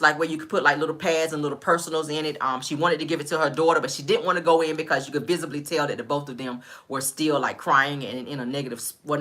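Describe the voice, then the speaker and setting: A woman's voice: low-pitched, pushed and bright. A woman casually recapping a reality TV episode, chatty and storytelling, often checking in with "all right?".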